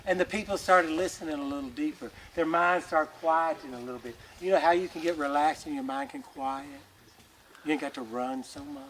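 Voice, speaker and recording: Male folk storyteller, high-pitched, animated, colloquial. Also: a little hiss or hum. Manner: animated, folksy, with colloquial asides.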